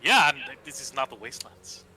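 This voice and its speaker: A man's voice: medium pitch, sing-song, a little fast, bright, forceful tone, poor audio. A man playing a tabletop role-playing game, talking in a hesitant, stammering way with sighs. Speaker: player. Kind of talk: casual tabletop role-play.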